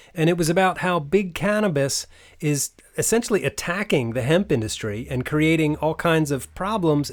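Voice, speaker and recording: Guy hosting a podcast, kinda high voice, chatty and a bit sarcastic. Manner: chatty, wry, mildly sarcastic. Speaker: podcast host. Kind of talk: casual podcast monologue.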